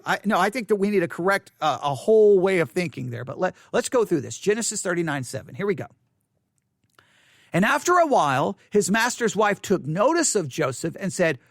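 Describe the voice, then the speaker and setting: A man with a high, lively voice talks through a Bible study in a conversational way. He speaks with emphasis and often restarts or repeats his phrases. The sound is dry and close. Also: a little fast, no room sound.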